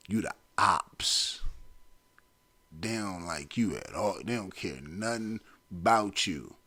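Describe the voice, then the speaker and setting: A man's voice: lowish voice, a bit bright. A man hosting a talk show, giving blunt, streetwise advice and repeating his points for emphasis. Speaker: podcast host.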